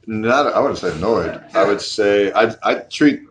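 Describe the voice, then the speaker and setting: A man guest on a podcast, a doctor who does comedy, talking in a relaxed, matter-of-fact casual way. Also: on the low side, a little slow. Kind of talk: casual chat.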